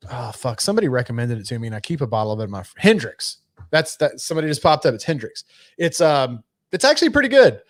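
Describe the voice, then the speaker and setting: Podcast co-host, male, mid pitch, casual rambling delivery with swearing, dry close mic. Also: no room sound. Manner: laid-back, profane, rambling with fillers. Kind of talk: casual chat.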